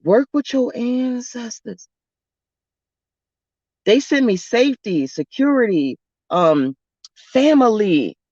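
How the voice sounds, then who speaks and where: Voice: medium pitch, lively intonation, slow pace, pauses often, a little mellow, dry recording. A spiritual vlogger talking bluntly and casually, swearing and rambling through stories. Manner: blunt, profane, rambling storyteller. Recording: dull lo-fi dry recording.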